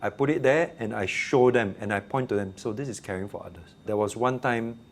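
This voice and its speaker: A man's voice: on the low side, brisk. A man with a Singaporean accent, a teacher telling classroom stories in a casual interview and acting out the quotes. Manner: animated storyteller, acts out quotes.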